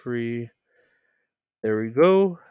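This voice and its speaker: A man's voice: mid-range voice, animated, extremely slow, darkish tone, clean tone, dry recording, highs cut off. A man hosting a live stream, greeting viewers by name in loose, profane chat with frequent laughs.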